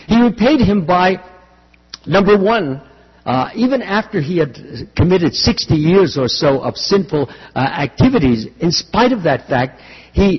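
A man preaching a sermon on scripture in an earnest way, pausing, restarting and often clearing his throat. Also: high voice. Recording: dull lo-fi sound with long hall reverb.

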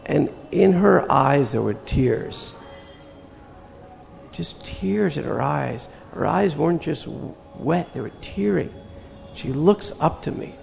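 An older man telling a personal spiritual story in an earnest, reflective way, with slow pauses. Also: on the high side, lively intonation, gravelly, a little mellow, long reverb tail, faint music behind. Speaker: spiritual teacher recounting memories.

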